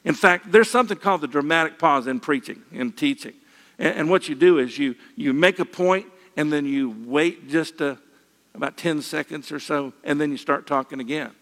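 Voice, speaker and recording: Older male preacher, folksy and lightly humorous, slightly high voice, reverberant hall. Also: moderate pace. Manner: folksy, with gentle humor and repeated phrases. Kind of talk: sermon.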